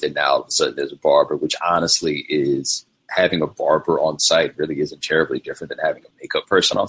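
A man's voice: rumbling low, fairly bright tone, husky. A man hosting his own show, telling rambling stories in casual chat and slipping into quoted voices. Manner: rambling storytelling with quoted impressions. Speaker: show host. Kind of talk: casual livestream monologue.

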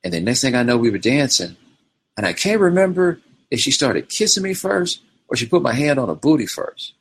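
This show host speaks in a mid-range, breathy-edged voice with a brisk, sing-song lilt. During his relaxed livestream monologue he wanders from story to story, dropping into impressions of the people he quotes.

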